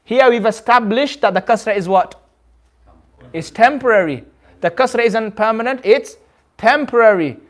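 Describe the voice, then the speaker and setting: High-voiced man teaching a class. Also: moderate pace. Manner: explains patiently, repeats points, quizzes the class. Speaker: Quran recitation teacher. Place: community centre classroom.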